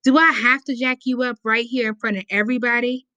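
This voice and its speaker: A woman's voice: a little high, steady tone, a little fast, sharp tone, clear, resonant tone, no echo, muffled recording, pitched above the performer's own voice. Woman doing a bullying teen girl, demanding and threatening, dry close sound, storybook read. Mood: bossy. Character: bossy, bullying teenage girl.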